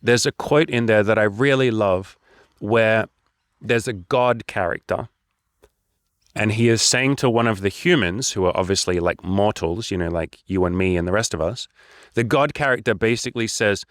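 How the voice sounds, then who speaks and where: A man's voice: fairly low pitch, normal speed, fairly bright tone, no echo, clean studio sound. Blunt, swearing male life coach. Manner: blunt, profane, preachy and intense. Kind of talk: direct-to-camera coaching talk.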